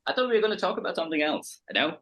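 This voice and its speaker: A man's voice: a little high, lively intonation, very fast, pushed and bright. A man co-hosting a podcast in casual chat, playful and profane, laughing often. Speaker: podcast co-host.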